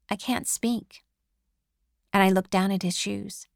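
Slow, measured woman narrator. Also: mid-range voice, fairly even intonation, gravelly, no room sound, clean studio sound. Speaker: audiobook narrator. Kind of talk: scripted first-person narration.

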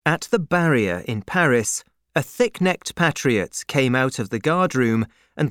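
Male audiobook narrator, unhurried and measured, lively rise and fall, dry close sound. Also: mid-range voice, no echo. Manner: slow, measured reading with lively intonation.

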